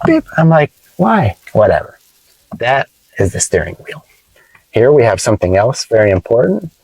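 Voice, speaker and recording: A man teaching English vocabulary from inside his car, playful and explaining slowly with examples. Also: fairly low pitch, a little mellow, dry recording, rough recording. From United States. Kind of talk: casual teaching vlog.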